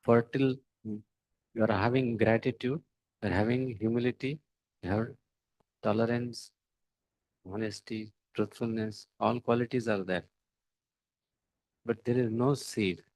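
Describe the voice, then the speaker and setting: A man giving a devotional sermon, speaking in halting phrases with many pauses and fillers and putting rhetorical questions to his listeners. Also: mid-range voice, steady tone, a little mellow, dry recording, low-quality recording. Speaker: devotional lecturer.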